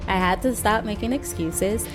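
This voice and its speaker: A woman in her thirties with a Southern US accent talks candidly as a podcast guest, peppering her story with "you know". Her voice sits at a middle pitch, and music plays clearly behind her. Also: normal speed. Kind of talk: personal story in an interview.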